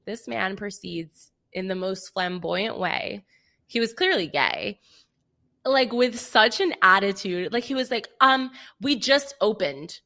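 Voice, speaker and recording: A young woman with a bright, forceful voice tells a story on a casual podcast. She acts out what everyone said and fills her talk with "like." The delivery is animated and chatty. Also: medium pitch, unhurried, vocal fry. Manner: animated storytelling, acting out quoted dialogue, frequent "like". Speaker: podcast co-host. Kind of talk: casual chat.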